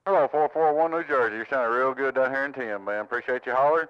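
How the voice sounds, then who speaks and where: Fast-talking man on CB radio. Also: mid-range voice, smooth, dry recording, muffled recording. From Tennessee, US. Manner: friendly, repeats call signs and greetings in a drawl. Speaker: CB radio operator recording the channel. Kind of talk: casual CB radio chatter. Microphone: handheld radio microphone at home.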